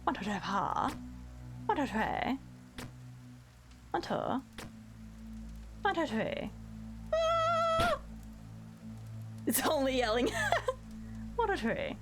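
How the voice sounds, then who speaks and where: A woman live-streaming a game, counting her jumps out loud, yelping when she falls and joking with her chat. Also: on the high side, big pitch swings, slow pace, long pauses. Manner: counts aloud while playing, yelps at failures; self-mocking, playful chatter with chat. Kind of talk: live gameplay commentary. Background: background music.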